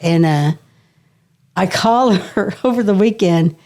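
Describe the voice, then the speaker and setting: A middle-aged woman, a guest on a podcast, telling a casual story with lively energy, laughing often and swearing now and then. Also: medium pitch, takes it slowly.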